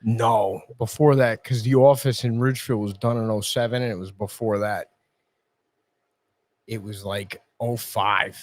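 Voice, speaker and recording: A man's voice: on the low side, fairly even intonation, a little slow. A man, a guest in a casual chat, telling crude stories with plenty of swearing. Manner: profane, laughing storyteller acting out yelling.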